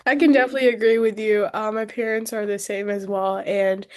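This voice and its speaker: A woman's voice: mid-range voice, steady tone, a little fast. A woman hosting a podcast interview, asking questions in a casual, encouraging way. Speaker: podcast host.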